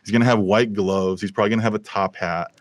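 Man, very deep voice, dry close sound, animated storyteller, podcast guest. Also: fast talker, no echo. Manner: animated storyteller with many fillers and restarts. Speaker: film and television re-recording mixer, guest. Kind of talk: casual podcast interview storytelling.

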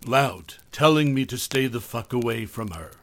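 A man's voice: mid-range voice, animated, normal speed, lightly acted. A man voicing a drunk, violent husband who rambles crudely and defensively through a confession. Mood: bitter.

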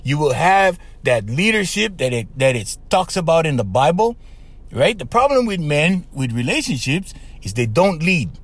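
A man talks through relationship advice on his podcast in a loose, emphatic monologue. His voice sits a bit high for a man and swings widely in pitch. He keeps punctuating points with "okay?" and "right?". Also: sing-song, moderate pace, a bit bright. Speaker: podcast host.

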